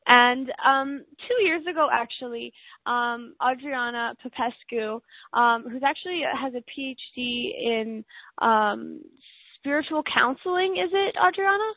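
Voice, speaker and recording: A woman hosts a talk show with a somewhat high voice that is a little hoarse today. She rambles with many fillers and restarts. The sound is dry and narrow, like a telephone line. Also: measured pace, no echo. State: slightly hoarse, deep yet squeaky voice. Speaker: radio show host. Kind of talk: casual talk show chat. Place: home in a city high-rise.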